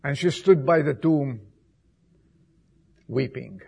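A man preaching an Easter sermon, with emphatic repetitions, swinging between loud appeals and soft, hushed passages. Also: medium pitch, gravelly, breathy edge. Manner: slow, emphatic delivery with repetitions.

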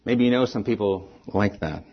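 A middle-aged pastor preaching a sermon in church. He talks dynamically, rising to loud peaks and falling off to soft endings. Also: on the low side, moderate pace, lo-fi sound.

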